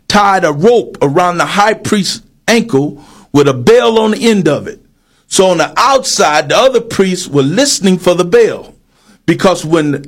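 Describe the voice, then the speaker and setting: A man with a high-pitched voice preaches with force and presses each point hard. He reads scripture aloud, then breaks it down for his listeners. His delivery swells to shouts when he drives a point home. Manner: emphatic, rising to shouts on key points. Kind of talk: sermon.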